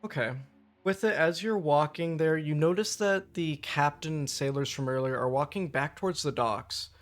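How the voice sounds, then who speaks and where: A man's voice: on the high side, normal speed. A man running a tabletop game as game master, narrating casually with fillers.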